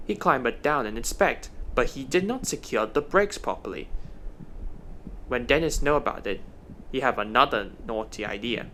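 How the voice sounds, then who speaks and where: A man narrating a fan story in a slow, hesitant reading style with restarts. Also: medium pitch, sing-song, pushed and bright, slight background noise.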